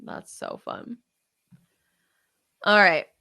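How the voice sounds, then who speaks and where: A woman's voice: extremely slow, pushed and bright, dry recording, studio quality. A woman co-hosting a casual chat, chatty and enthusiastic, laughing easily. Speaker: podcast co-host.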